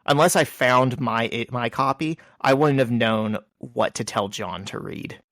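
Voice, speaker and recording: A man's voice: mid-range voice, unhurried, no echo. Male podcast co-host, casual and meandering, dry close sound. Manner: relaxed, rambling with fillers. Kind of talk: casual chat.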